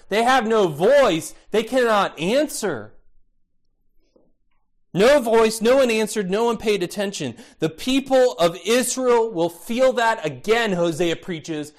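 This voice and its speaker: A man preaching a sermon, expressive, asking rhetorical questions and acting out the voices he quotes. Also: high-pitched. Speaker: pastor.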